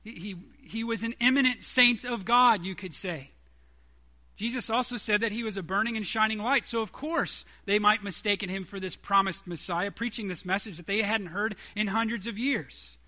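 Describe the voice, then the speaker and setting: A man's voice: high voice, normal speed, pushed and bright. A man preaching a sermon, emphatic, acting out quoted dialogue from the story.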